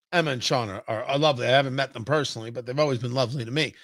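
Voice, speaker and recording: A man hosting a political talk show, delivering opinionated commentary with sarcastic jabs and quick low asides. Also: dry recording, studio quality. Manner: animated, sarcastic, swings between loud jabs and low asides. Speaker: radio talk show host.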